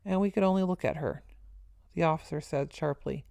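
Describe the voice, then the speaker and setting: A woman narrating a first-person story in a steady, earnest reading voice. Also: low-pitched, fairly quick, gravelly, no room sound.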